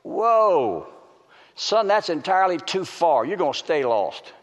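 A man preaching a sermon to a congregation, swinging between loud calls and hushed pleading. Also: fairly high pitch, big pitch swings, a little slow, muffled recording. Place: large hall with an audience. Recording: reverberant hall.

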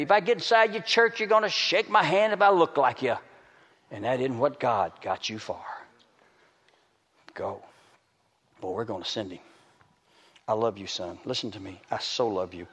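Male preacher, higher-pitched voice, alternates loud calls and hushed pleas; long hall reverb. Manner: swings between loud calls and hushed pleading. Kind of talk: sermon. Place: large hall with an audience.

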